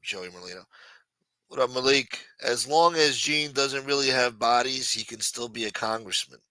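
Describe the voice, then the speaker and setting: A man's voice: mid-range voice, sharp tone, dry recording, poor audio. A man hosting a late-night live stream in a loose, profane, teasing way, reading and answering viewer chat. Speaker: live show host.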